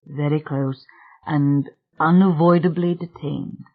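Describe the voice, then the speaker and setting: A gentle, white-haired English gentleman speaks in a clipped yet melodious voice, low and secretive, as an audiobook narrator puts him on. The pitch sits in the middle. Everything comes through thin and tinny, like a phone line. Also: steady tone, takes it slowly. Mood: soothing.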